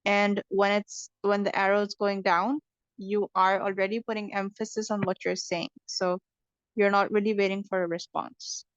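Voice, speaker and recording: A woman at a middle pitch teaches an English lesson, explaining patiently and often stopping to ask "okay?". The recording is dull and lo-fi, with a dry, close sound and little room echo. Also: level tone, moderate pace. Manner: patient, explains step by step, checks understanding with "okay?".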